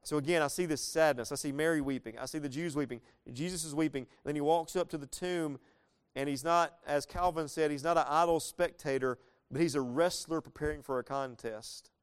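Pastor, male, 30s; resonant, smooth voice; relaxed verse-by-verse sermon, casual and earnest, surging in emphasis. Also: on the high side, fairly quick.

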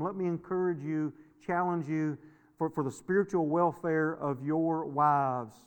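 A man's voice: a little high, unhurried, clean tone. A middle-aged male pastor preaching a sermon in a folksy, storytelling way, repeating words and laughing often. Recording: long hall reverb.

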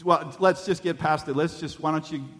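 A man's voice: on the high side, fairly even intonation, normal speed, fairly bright tone, pitched above the performer's own voice, natural voice. A man voicing a bewildered male angel at heaven's gate, questioning fussily, in an echoey hall. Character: flustered male angel gatekeeper at heaven's door.

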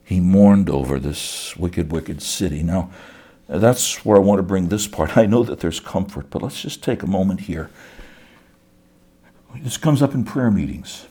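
Slow, low-voiced preaching man. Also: lively intonation, warm tone, breathy edge. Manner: earnest preaching, repeating words as he builds. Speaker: pastor. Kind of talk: sermon.

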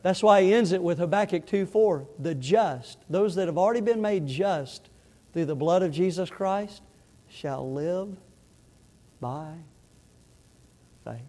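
Middle-aged pastor guy preaching hard, high voice, big loud-soft swings, long church echo. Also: lively intonation, a little slow, pauses often. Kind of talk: sermon. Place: church sanctuary.

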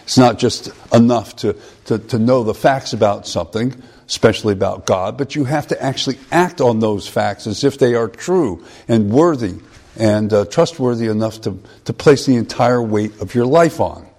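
A man preaching a conversational sermon, often pausing and restarting phrases. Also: medium pitch, a little mellow.

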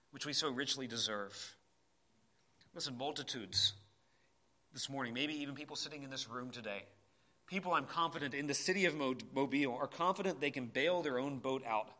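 A man preaching a sermon in a church, impassioned, swinging between urgent cries and quiet asides. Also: on the high side. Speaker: pastor.

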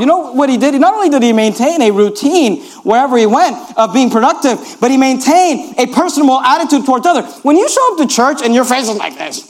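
A male pastor preaching a sermon in an animated, repetitive way, reading scripture and urging listeners to notice each point. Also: extremely high pitch, fairly quick.

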